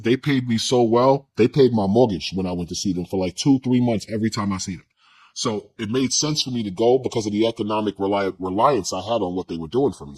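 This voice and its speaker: A man with a low, husky voice tells a personal story in an interview. He speaks bluntly and casually, with slang and restarts. His voice has a breathy, rough edge. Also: darkish tone, poor audio. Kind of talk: candid recounting in an interview.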